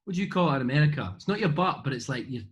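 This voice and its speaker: Husky Scottish man rambling jokily. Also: on the high side, expressive, rapid-fire, lo-fi sound. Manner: self-deprecating, jokey, trailing restarts. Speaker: interview guest. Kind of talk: rambling casual chat. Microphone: video call webcam.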